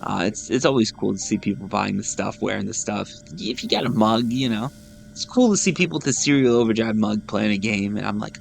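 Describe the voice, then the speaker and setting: Gravelly low-voiced man rambling casually. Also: fairly quick, slight background noise. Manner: rambling, self-deprecating, repeats words. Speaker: gaming YouTuber host. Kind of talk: casual chat over gameplay.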